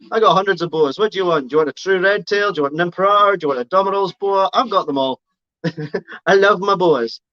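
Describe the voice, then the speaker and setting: A man's voice: fairly high pitch, fairly bright tone, dry recording, lo-fi sound. A man chatting casually on a live stream, rambling and correcting himself as he answers comments. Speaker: reptile keeper streaming live.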